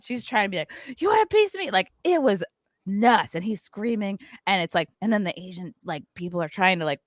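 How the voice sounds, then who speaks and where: A woman's voice: lowish voice, fairly bright tone, no room sound. A woman hosting a podcast, telling a story with lots of "like" fillers and acting out what people said. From New York area. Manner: acts out quotes, frequent "like" fillers. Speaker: podcast host. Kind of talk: animated storytelling chat.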